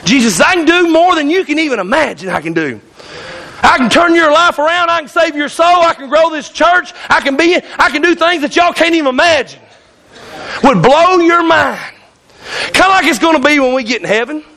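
A man's voice: very high voice, animated, brisk, pushed and bright. A male pastor preaching a fiery sermon in church, hollering and calling out to the congregation. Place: church sanctuary.

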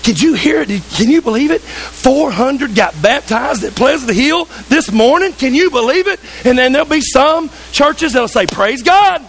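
A man's voice: very high voice, expressive, moderate pace, few pauses, breathy edge, rough recording. A man preaching a sermon in a church, fervent and conversational, with asides to the congregation. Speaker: pastor.

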